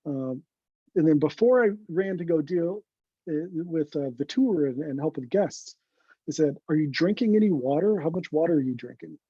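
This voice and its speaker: A man, a guest photographer, telling an animated story in an interview and acting out what his friends said. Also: a little high, normal speed, husky, dry recording. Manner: animated anecdote teller, acts out quoted friends. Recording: dull lo-fi recording.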